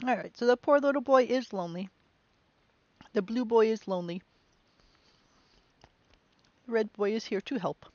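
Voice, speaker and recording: A woman's voice: a little high, normal speed, pauses often, no room sound, muffled recording. Chatty woman narrating a horror game. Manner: chatty, musing, with bursts of excitement. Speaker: game streamer. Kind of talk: let's play commentary.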